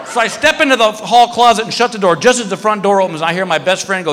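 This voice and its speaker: A man's voice: quick pace, few pauses. A man doing stand-up comedy, telling a story and acting out the other people's voices. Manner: animated, acts out voices in high pitch. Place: comedy club stage. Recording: live club recording with crowd and reverb. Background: audience laughter.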